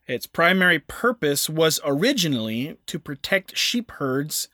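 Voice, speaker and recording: A man co-hosting a podcast in casual chat, easygoing and halting with frequent restarts. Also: on the high side, very animated, sharp tone, dry recording, studio quality. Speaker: podcast co-host.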